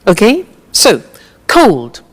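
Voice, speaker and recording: A woman teaching English grammar with a slow, clear drill, patient and encouraging. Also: mid-range voice, huge pitch swings, in a large hall.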